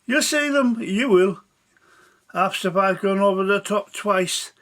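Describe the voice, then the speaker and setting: A man's voice: high voice, a little slow, fairly bright tone. A man voicing a hearty veteran soldier. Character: cheerful veteran male soldier sharing whiskey.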